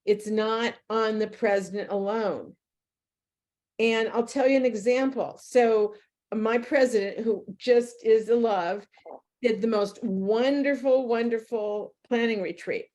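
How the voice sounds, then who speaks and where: A middle-aged woman presents a leadership workshop, chatting casually to the group and telling stories with quoted dialogue. Her voice is fairly high, unhurried, and darkish in tone.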